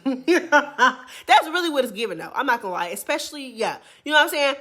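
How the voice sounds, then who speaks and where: A woman's voice: sits high, very animated, a little fast, bright, forceful tone. A woman hosting a reality TV recap, talking in a sassy, chatty way full of slang and frequent laughter. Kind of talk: casual gossip commentary.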